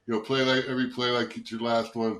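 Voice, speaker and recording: Older male guest, rambling storyteller, bright forceful voice, roomy echo. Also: mid-range voice, level tone, fast. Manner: rambling anecdotes, swears, acts out quoted voices. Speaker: guest, former football player. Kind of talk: casual storytelling interview.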